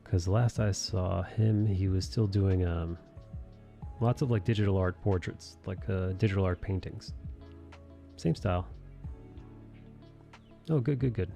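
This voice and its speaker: A man hosting a relaxed live chat while he draws, reading viewer messages aloud and swearing casually. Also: low-pitched, measured pace, vocal fry, long pauses, soft background music.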